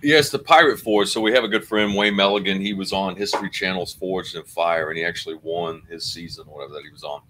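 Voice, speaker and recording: Deep-voiced laid-back man rambling. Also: fast, few pauses, a bit bright, slight background noise. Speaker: band member, interview guest. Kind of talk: casual live-stream chat.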